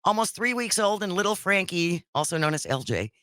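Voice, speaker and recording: Bright lively woman on a call-in radio show, dry close mic, animated. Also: lowish voice, dry recording. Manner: lively, quick to laugh, opinionated.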